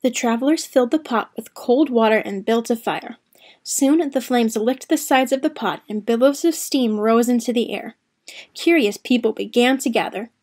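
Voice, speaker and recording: A woman reads a children's story aloud in a church service. Her voice sits fairly high and her storytelling is expressive and animated. She shapes each line for young listeners. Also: normal speed.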